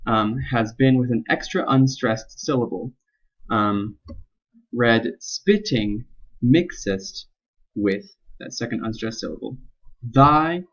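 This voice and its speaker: Halting young man explaining a poem. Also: lowish voice. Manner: halting, many ums and restarts. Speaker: student presenting a poem analysis. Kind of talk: unscripted spoken explication. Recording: dull lo-fi recording.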